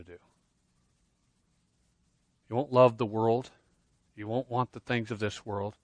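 A pastor gives an earnest sermon slowly, pausing often, his mid-range voice steady and free of echo. He shifts between forceful loudness and quiet intensity, repeating words as he launches into phrases.

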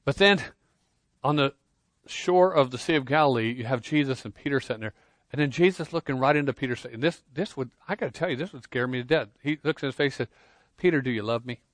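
A man preaching a sermon, earnest, swinging between loud emphasis and quiet intensity, often repeating words as he starts a phrase. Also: mid-range voice, fast, dry recording. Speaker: pastor.

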